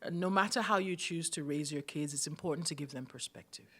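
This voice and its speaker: A woman's voice: low-pitched, brisk, fairly bright tone, husky. A middle-aged woman from Nigeria, a guest on an interview podcast, talking conversationally, laughing often and repeating words as she gathers her thoughts. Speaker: guest, community builder.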